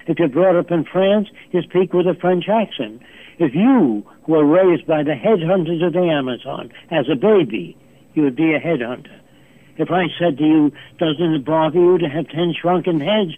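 A man's voice: fairly high pitch, lively intonation, moderate pace. A man in his nineties, a guest on the phone, lecturing emphatically and pressing his points with rhetorical questions. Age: 90s. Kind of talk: lecturing interview answers. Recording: tinny phone line.

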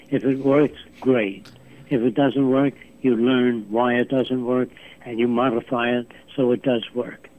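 A man in his nineties, a guest on the phone, lecturing emphatically and pressing his points with rhetorical questions. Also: medium pitch. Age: 90s. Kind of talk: lecturing interview answers. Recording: tinny phone line.

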